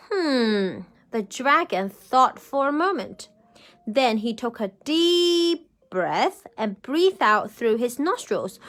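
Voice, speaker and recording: A woman reading a picture book aloud to children as a storyteller, animated and often asking them questions. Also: a little high, slow pace.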